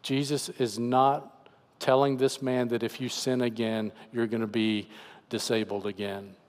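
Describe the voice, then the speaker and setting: A man's voice: mid-range voice, level tone, measured pace, in a large hall. A man preaching as pastor, earnestly explaining scripture in a conversational voice. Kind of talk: sermon. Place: church sanctuary.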